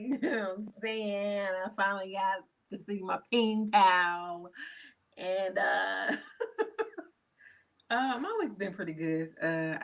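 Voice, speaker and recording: A woman hosts a casual call-in talk show, chatting in an easygoing way. She laughs often and greets listeners warmly by name. Her voice sits at an ordinary middle pitch. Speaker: host.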